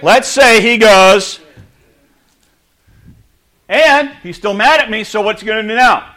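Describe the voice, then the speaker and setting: A man preaching a sermon, playful and animated, acting out little scenes with the audience. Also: sits high, a little slow, pauses often. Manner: animated, playful, acts out quotes. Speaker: pastor.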